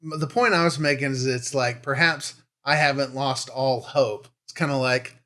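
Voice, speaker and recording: A man's voice: medium pitch, fairly even intonation, moderate pace, bright, forceful tone. A man co-hosting a podcast in casual chat, self-deprecating and laughing as he talks. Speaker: podcast co-host.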